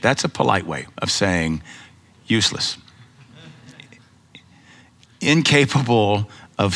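A middle-aged American man, a pastor, preaching a sermon with lively storytelling and rhetorical questions. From United States. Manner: animated storytelling preacher, rhetorical questions, voices pitch up for emphasis.

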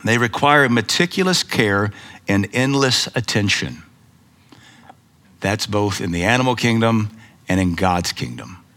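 A middle-aged American man, a pastor, preaching a sermon with lively storytelling and rhetorical questions. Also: measured pace, pauses often. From United States. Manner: animated storytelling preacher, rhetorical questions, voices pitch up for emphasis.

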